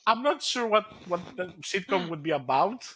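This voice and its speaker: A man's voice: high-pitched, big pitch swings, normal speed, bright, forceful tone. A man with a foreign accent hosting a geeky podcast, teasing his co-hosts with jokes. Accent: foreign-accented English. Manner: teasing, jokey, swears casually. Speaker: podcast host. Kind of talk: casual chat.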